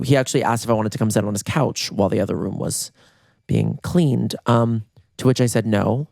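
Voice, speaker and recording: A man in his thirties hosting a podcast from his bedroom, telling funny stories in a lively way, jumping into high voices when acting out scenes. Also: vocal fry, dry recording, studio quality. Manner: animated, acts out voices with big jumps in pitch. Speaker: podcast host. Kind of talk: comedic storytelling.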